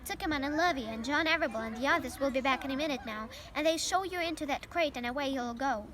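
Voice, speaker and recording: Charlotte, a woman doing a gentle dying spider. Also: sits high, fast. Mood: tender. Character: wise gentle female spider, calm and dying.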